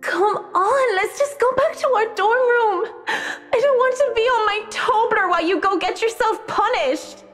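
A woman's voice: extremely high pitch, a little slow, hardly any pauses, fairly bright tone. A woman with an Irish accent voicing a timid, fretful teenage schoolgirl with a pleading, anxious way of talking, in a game. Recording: game audio with long reverb and faint music.

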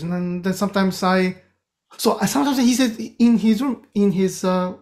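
A man with a Japanese accent, a composer talking as a guest in an interview, telling animated stories with many restarts. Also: sits high, moderate pace. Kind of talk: casual interview storytelling.

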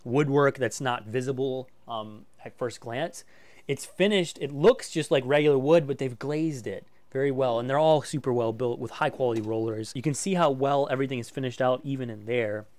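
A man's voice: mid-range voice, moderate pace, a little mellow. A man casually presenting a walkthrough of a motorhome for sale, enthusiastic and full of fillers like "um" and "like". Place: inside a motorhome.

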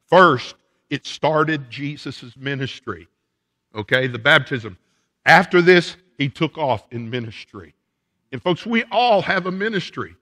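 A male pastor preaching with firm emphasis in a church sanctuary, his voice somewhat high and very bright and forceful. A long reverb from the room trails each phrase as he counts off his points. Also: animated, measured pace. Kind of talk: sermon.

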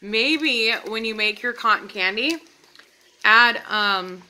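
A woman's voice: fairly high pitch, slow pace, bright, forceful tone, rough recording. A woman chatting casually to her viewers as she reviews candles, enthusiastic and talkative. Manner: chatty, enthusiastic, addresses viewers as "you guys". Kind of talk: casual product review vlog.

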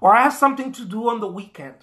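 Emphatic male artist with a bright voice. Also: very high-pitched, very fast. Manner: emphatic, repeats key phrases, acts out quoted voices. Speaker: artist giving career advice. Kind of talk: motivational talk to camera.

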